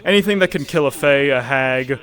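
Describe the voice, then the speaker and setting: A man's voice: mid-range voice, a little fast, fairly bright tone. A man playing his character in a tabletop game, with a tired manner, sighing and restarting his sentences. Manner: weary, with sighs and restarts. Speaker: player. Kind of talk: in-character tabletop role-play.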